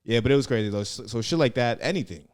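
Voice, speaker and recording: A young man with a medium-pitched voice talks fast in a dry, clean studio recording. He's a comedian and former Marine recruit appearing as a podcast guest, telling rambling stories in a casual interview. His talk is profane and packed with "like" and "yeah."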